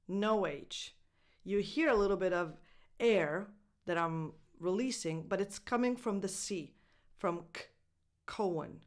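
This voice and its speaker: A woman with an Italian accent teaching English pronunciation, repeating words slowly and breaking them into syllables. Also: mid-range voice. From Italy. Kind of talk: pronunciation lesson.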